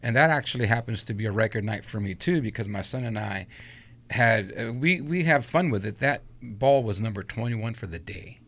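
At normal speed and medium pitch, a middle-aged guest spins a long personal anecdote in a casual interview. He's animated, performing the quotes of the people in his story.

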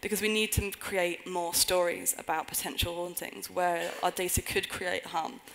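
A woman's voice: on the low side, steady tone, normal speed, gravelly, fairly bright tone, a little hiss or hum, low-quality recording. A woman giving a conference talk on a stage before an audience, earnest with wry humorous asides. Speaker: conference speaker.

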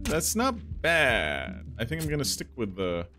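Speaking a little slowly, a let's-play gamer with a medium-pitched voice and huge pitch swings narrates his gameplay playfully. He chants gunshot sounds as he goes, over a bed of video game music.

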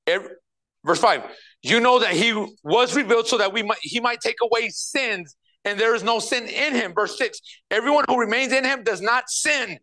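A man preaching a sermon as pastor, reading scripture verse by verse and swinging between quiet asides and loud, emphatic passages. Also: very high voice, moderate pace, rough recording.

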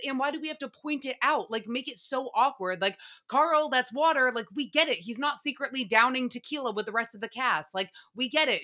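A woman hosting a casual reality-TV recap podcast, ranting in an animated, profane way. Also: sits high. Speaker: podcast host.

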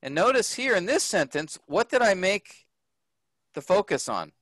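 A man teaching a grammar lesson to a group, slow and patient, often checking that the class follows. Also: high-pitched, very animated, fairly bright tone, dry recording. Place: workshop room.

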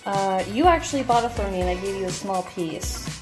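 A woman's voice: mid-range voice, expressive, brisk, music in the background, poor audio. Dry, teasing young woman behind the camera. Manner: dry, teasing, knowledgeable about plants. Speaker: daughter filming the tour.

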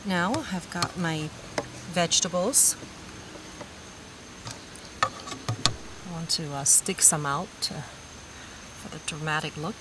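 A woman's voice: deep voice, slow pace, pauses often, heavy background noise. A woman chef giving a cooking demonstration, talking unhurriedly with frequent fillers. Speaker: vegan chef.

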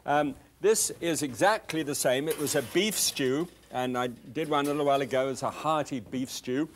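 A man's voice: mid-range voice, moderate pace, a little hiss or hum. Older guy chatting through a recipe, eager and folksy, lots of ums. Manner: chatty, enthusiastic, with fillers. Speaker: cooking show host. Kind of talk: cooking demonstration.

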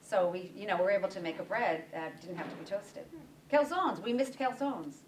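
A woman's voice: medium pitch, expressive, moderate pace, slight background noise. A woman who owns a bakery, speaking at a breakfast event and animatedly acting out quoted dialogue while telling stories. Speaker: bakery owner and guest speaker. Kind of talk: storytelling talk with audience questions. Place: meeting room at a breakfast event. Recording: roomy sound from a distance.

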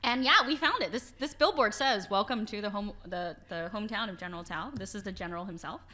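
Woman lecturer, bright clear tone, animated and chatty, laughs a lot, informal book talk. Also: mid-range voice, fast. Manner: chatty and animated, laughs often, frequent restarts. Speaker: author giving a book talk. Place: library event hall.

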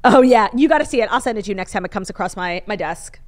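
A woman's voice: medium pitch, lively intonation, fast, a little mellow. A young woman co-hosting a casual podcast, gushing and swearing freely, with lots of fillers. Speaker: podcast co-host. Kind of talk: casual chat.

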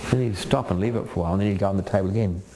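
Emphatic older preacher with sweeping pitch. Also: male voice, racing, mellow, slight background noise. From Australia. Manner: emphatic, swings between high pleading quotes and low earnest asides, repeats "Amen?". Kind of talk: sermon.

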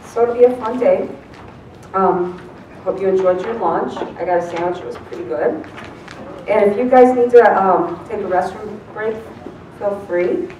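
A woman's voice: on the low side, a little hiss or hum. A woman presenting a proofreading seminar in a large room, casual and chatty with plenty of "um"s. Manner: relaxed, filler-heavy, chatty. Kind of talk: classroom teaching. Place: large room with many people. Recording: distant, echoey room recording.

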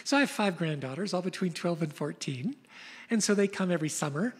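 An older woman pastor preaching a sermon, telling stories in an animated way. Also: fairly low pitch, a little fast, breathy edge, in a large hall. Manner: storytelling, animated retelling of scenes.

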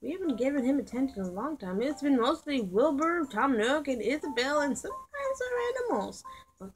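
Woman gamer, slightly high voice, unhurried, excitable and jokey; game music clear underneath. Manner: excitable, joking, exclaims often. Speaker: gaming video creator. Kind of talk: playful gameplay commentary.

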